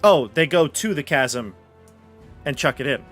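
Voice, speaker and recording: A man running a tabletop game as game master, narrating the scene in a relaxed way and often restarting his sentences. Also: fairly high pitch, a little slow, faint music behind.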